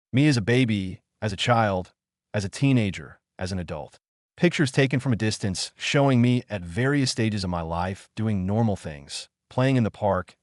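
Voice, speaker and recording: A man narrating a first-person story in a steady, measured reading. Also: on the low side, no room sound, studio quality.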